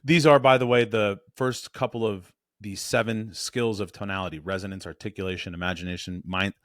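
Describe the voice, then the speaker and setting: A man coaching on voice and presence in a blunt, animated, casual way, correcting himself as he goes. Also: fairly low pitch, brisk, no echo, clean studio sound.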